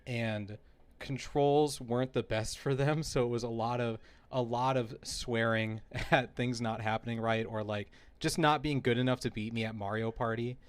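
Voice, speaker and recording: A man co-hosting a relaxed chat podcast, settling into a long anecdote. He tells it with building animation and keeps laughing along at his own story. His voice sits at an ordinary middle pitch. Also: moderate pace, clean tone. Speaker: podcast co-host. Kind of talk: casual chat.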